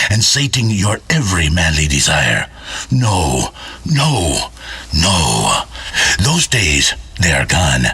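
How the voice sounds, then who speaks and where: Raspy, bright-edged braggart talk host; lively, theatrical. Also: male voice, low-pitched, no echo, heavily acted. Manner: pompous, boastful, theatrical. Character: grandiose macho older male talk host, boastful. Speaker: radio host. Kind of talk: radio comedy monologue.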